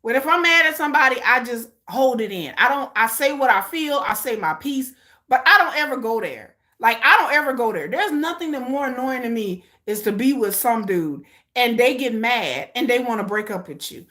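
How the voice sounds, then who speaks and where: A woman's voice: fairly high pitch, expressive, normal speed, bright, forceful tone. A woman hosting a casual reaction watch-along, talking bluntly and emphatically with plenty of profanity and repeated phrases for punch. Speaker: host of a live watch-along.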